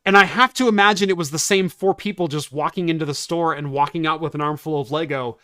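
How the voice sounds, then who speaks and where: A man's voice: a little high, fast, pushed and bright, smooth, no room sound, studio quality. A man from Oregon hosting a casual tech and beer podcast, rambling and laughing often. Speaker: podcast host. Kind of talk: casual chat.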